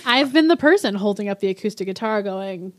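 A woman of middle pitch speaks bluntly on a podcast and swears freely as she chimes in. Her voice sounds dry and close. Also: animated, fairly quick, dry recording. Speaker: podcast co-host, musician. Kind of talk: casual chat.

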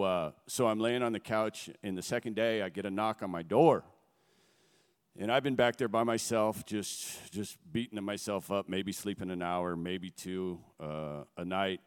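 Low, smooth-voiced man in an echoing hall. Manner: earnest, halting, emotional storytelling. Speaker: guest speaker. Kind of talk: personal testimony. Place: on a stage before a gathering. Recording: long echo of a large hall.

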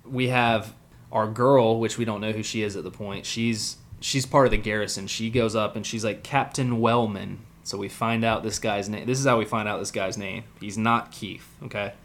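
Man, low voice, podcast co-host, casual anime recap, blunt, joking. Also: steady tone, a bit bright. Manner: joking, blunt, mimics characters in quick asides.

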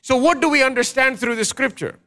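A man's voice: extremely high pitch, brisk, pushed and bright. A man preaching a sermon as pastor, emphatic, asking the congregation questions and leading call-and-response.

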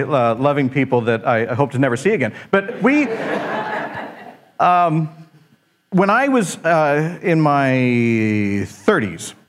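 A man in his forties with a somewhat high voice, preaching a sermon. He rambles, jokes at his own expense and restarts his sentences, animated as he tells his stories. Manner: rambling, self-deprecating, animated with frequent restarts. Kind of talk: sermon with humorous storytelling.

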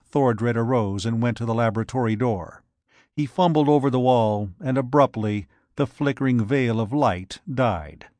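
A man narrating an adventure story in a measured, even reading. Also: mid-range voice, no echo. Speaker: audiobook narrator.

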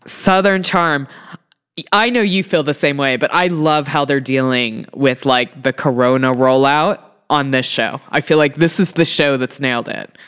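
A woman in her thirties co-hosting a casual podcast, with a notably low voice. She is agreeable and easygoing, often trailing off into fillers as she talks. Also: measured pace, clean tone. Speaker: podcast co-host. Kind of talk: casual chat about reality TV.

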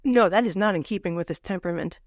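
A woman co-hosting a casual book podcast, sardonic and animated, with the odd swear. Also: lowish voice, fast, dry recording, studio quality. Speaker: podcast co-host. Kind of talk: casual book-club chat.

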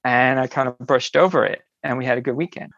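A woman, an interview guest, telling a personal story in an animated way and acting out the people she quotes. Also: a bass voice, quick pace, no echo, dull audio.

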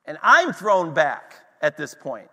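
A man's voice: fairly high pitch, huge pitch swings, slow pace, sharp tone. A man preaching a sermon, telling a story with passion and checking in with his congregation. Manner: impassioned storytelling to a congregation, asks "are you with me". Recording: long hall reverb.

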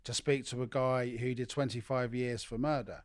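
A man's voice: mid-range voice, little pitch movement, normal speed, no room sound. Man, comedian, dry self-mocking storyteller, close dry mic. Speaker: comedian guest. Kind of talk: casual podcast chat.

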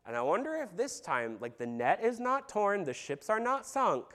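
A man preaching a sermon as pastor, telling a Bible story with lively asides, sarcasm and acted-out quotes. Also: sits high, moderate pace.

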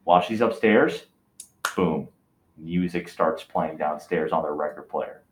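A man on a podcast telling a spooky story in a casual, excitable way, with lots of fillers and restarts. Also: very deep voice, a little slow, slight background noise. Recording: roomy echo.

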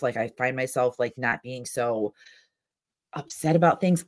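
A woman's voice: a bass voice, measured pace. A woman co-hosting a casual podcast chat, talkative and profane, laughing often. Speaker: podcast co-host.

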